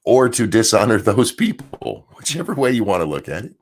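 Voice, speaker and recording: A man with a strained, hoarse voice, ranting casually as host of a live stream and reading out viewer messages. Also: lowish voice, very animated, a little fast. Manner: blunt, rambling, reads out viewer messages. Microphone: desk mic.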